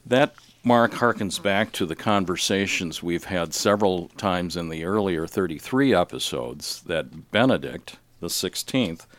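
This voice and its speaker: A man's voice: deep voice, expressive, measured pace, few pauses, a bit bright. A man hosting a casual Catholic radio talk show, folksy and fond of telling jokes.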